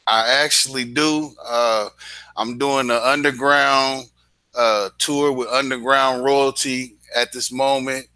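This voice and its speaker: A man from Dayton, Ohio, a stand-up comedian telling a joke story with animated delivery and acted-out voices. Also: medium pitch, slow, smooth, dry recording.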